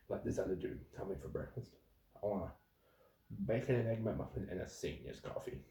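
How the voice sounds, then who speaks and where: A young man, a fast food worker, bluntly ranting with swearing about rude customers in a casual story. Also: fairly low pitch, animated, vocal fry, dark tone.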